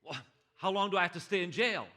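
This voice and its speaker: A man voicing an indignant jailed British man who protests and pleads in loud, high outbursts. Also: quick pace. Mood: pleading. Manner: shouting, high-pitched outbursts.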